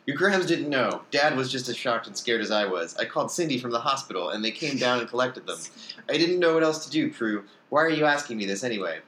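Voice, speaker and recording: A man's voice: animated, fast, sharp tone. Man reading a story aloud, echoey room. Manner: reads character lines with raised pitch and emphasis, occasional slips and restarts. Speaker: reader of fan fiction.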